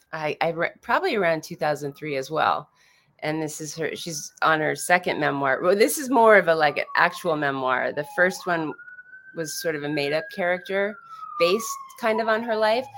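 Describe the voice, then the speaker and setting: A woman in her fifties, a podcast guest chatting casually, rambling with restarts and saying "like" a lot like a Valley Girl. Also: deep voice. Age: 50s. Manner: says "like" often, talks like a Valley Girl. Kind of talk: casual chat.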